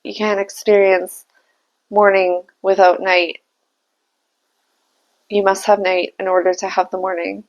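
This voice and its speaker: A woman's voice: medium pitch, level tone, measured pace, long pauses, dull audio. A young adult woman giving a casual spiritual tarot reading, musing aloud and laughing at herself. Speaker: tarot reader and channeler.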